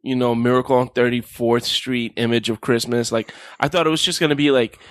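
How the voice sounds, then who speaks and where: A man from Miami chats on a podcast, animated and joking, breaking into silly voices for his stories. His voice sits mid-range and the mic is close and dry. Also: medium pitch, brisk, no room sound. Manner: animated storytelling with playful character voices. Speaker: podcast co-host presenting a list. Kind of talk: casual chat.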